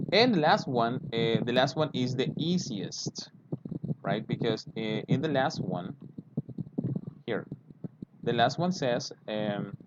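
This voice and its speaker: Slow, patient male English teacher. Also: medium pitch. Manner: patient, repeats words slowly and checks understanding with "okay?". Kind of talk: online language lesson. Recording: dull lo-fi with clear background noise.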